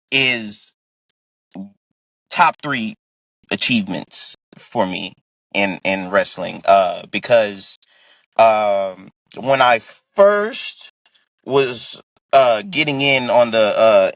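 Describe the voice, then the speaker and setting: A man talks slowly and brightly in a dry, close studio sound. He is a wrestler guest in a loose podcast chat, laughing often and circling back to restart his sentences. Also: mid-range voice, dry recording. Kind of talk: casual podcast interview.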